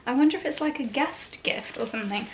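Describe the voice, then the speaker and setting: A woman's voice: high-pitched, fast, a little hiss or hum. A woman, chatting casually and playfully as she unboxes parcels for her vlog. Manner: chatty, bubbly and playful, with lots of laughs. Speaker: lifestyle vlogger. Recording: roomy echo.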